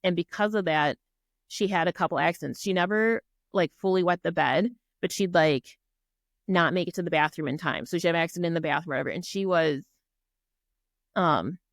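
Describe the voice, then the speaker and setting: A middle-aged Minnesota woman, a guest on a podcast, tells a personal story in a lowish, brisk voice, earnestly and animatedly acting out quoted dialogue. She leans on fillers like "like" and "um." The recording is dry, with clean studio sound.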